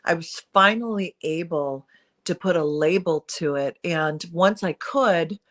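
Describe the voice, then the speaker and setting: Earnest, low-pitched woman sharing candidly. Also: measured pace. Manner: earnest, confessional, emphatic pleading. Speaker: guest, perinatal mood disorder speaker. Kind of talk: candid interview conversation.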